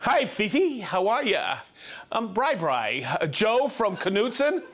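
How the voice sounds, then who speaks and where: Male live-show host, playful and energetic, high and animated voice. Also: takes it slowly. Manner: energetic, playful, reading out viewer names. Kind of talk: live show shout-outs.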